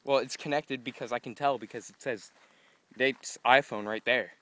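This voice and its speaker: A man's voice: medium pitch, fairly even intonation, moderate pace, a bit bright. A young man vlogging casually outdoors, rambling and exasperated, a bit out of breath after walking uphill. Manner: rambling, exasperated, acts out his own quotes.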